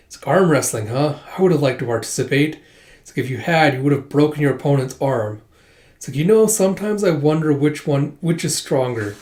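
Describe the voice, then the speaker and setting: A man casually retelling a manga volume, quickly quoting each character's lines with light changes of voice. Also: on the high side, darkish tone. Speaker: manga reader and reviewer. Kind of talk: casual readthrough narration with quick quoted dialogue. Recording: echoey room.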